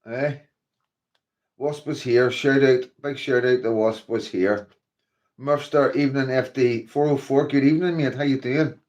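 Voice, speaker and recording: Speaking a little slowly in a steady, slightly mellow mid-range voice, a Northern Irish man hosts a casual livestream. He greets viewers by name and meanders along, his talk packed with "you know" and "like."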